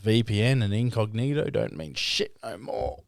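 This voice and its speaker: A man talking bluntly and dryly on a podcast, swearing freely. His pitch is average and steady. He is recorded on a close mic in a dry, dead room. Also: moderate pace, creaky, no room sound. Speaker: podcast co-host. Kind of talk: casual chat.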